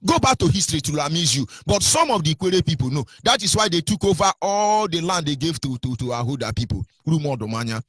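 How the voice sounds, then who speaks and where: Nigerian guy ranting on radio, kinda high husky voice, dry sound. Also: big pitch swings, fast talker, hardly any pauses, a bit bright, dry recording. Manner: scolding, repeats rhetorical questions, stumbles with fillers. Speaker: radio commentator. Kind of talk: impassioned radio commentary.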